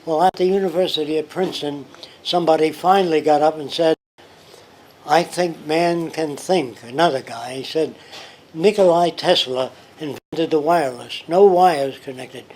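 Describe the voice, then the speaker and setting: A man's voice: on the high side, moderate pace, darkish tone, slight background noise, poor audio. Older man telling stories in a pub. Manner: anecdotal, acts out quoted people. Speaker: interviewee. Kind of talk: casual storytelling conversation. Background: pub ambience.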